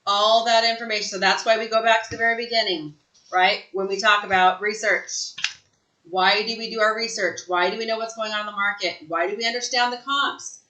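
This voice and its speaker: Bright-voiced, emphatic woman trainer. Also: mid-range voice, a little fast, roomy sound, poor audio. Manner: emphatic, energetic, tags lines with "right?". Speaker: real estate sales trainer. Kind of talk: live online training talk.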